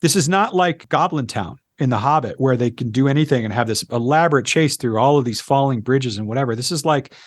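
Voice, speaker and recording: A man's voice: medium pitch, fairly quick, few pauses, no room sound. A man, a sound editor, chatting as a guest in an interview and telling stories in a rambling way with lots of fillers. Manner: animated storyteller who acts out quoted lines; rambling, with many fillers and self-corrections. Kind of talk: casual interview chat.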